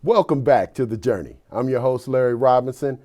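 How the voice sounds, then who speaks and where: A man's voice: mid-range voice, fairly quick, warm tone, faint music behind. A man hosting an interview show, prompting his guest with short friendly interjections. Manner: friendly interjections, frequent "right". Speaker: talk show host.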